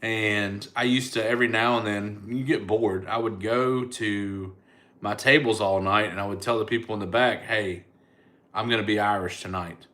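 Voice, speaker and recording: A man's voice: fairly low pitch, steady tone, moderate pace, a bit bright. A middle-aged man, a comedian chatting casually on a livestream and answering viewers' comments. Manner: laid-back, chatty, thanks viewers by name.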